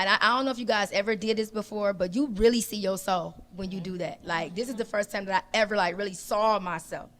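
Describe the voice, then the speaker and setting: A woman who is a guest on a panel talk, chatting casually and telling a personal story with animated energy, acting out the dialogue as she goes. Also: mid-range voice, fairly quick, hardly any pauses.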